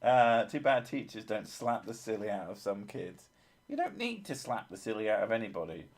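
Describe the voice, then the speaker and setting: A man's voice: fairly low pitch, sing-song, normal speed. A man hosting a casual live stream, reading chat with dry, sweary teasing.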